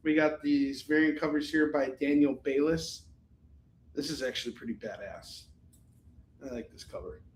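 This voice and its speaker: This live comic-sales host has a fairly high voice and a moderate pace, with a little hiss or hum in the echoey recording. He rambles casually and swears a lot as he prices each comic.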